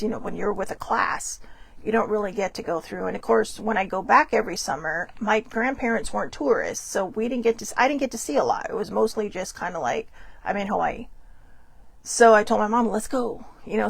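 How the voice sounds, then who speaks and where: Chatty woman with a gravelly voice. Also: medium pitch, dry recording. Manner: rambling, chatty, laughs often. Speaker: host. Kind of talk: casual storytelling livestream.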